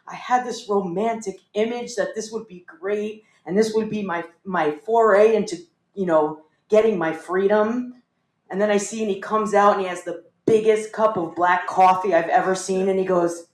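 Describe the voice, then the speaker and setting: A woman telling a funny personal story on stage, animated and self-mocking. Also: medium pitch, normal speed. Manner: animated, self-mocking, acts out voices of family. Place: small theater with live audience. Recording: roomy live theater sound.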